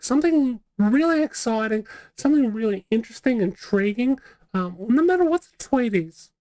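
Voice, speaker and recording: A chatty woman hosts a live stream, talking loosely and circling back on herself as she goes. Her voice is mellow and warm, and the sound is close and dry with no room echo. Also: on the high side. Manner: chatty and rambling, many fillers and restarts. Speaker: vlog host. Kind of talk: casual live-stream chat.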